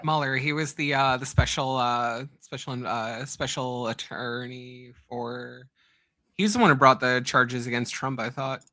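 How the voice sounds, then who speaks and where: A man co-hosting a casual political chat, dropping quick, sardonic remarks. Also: mid-range voice, steady tone, sharp tone, no echo.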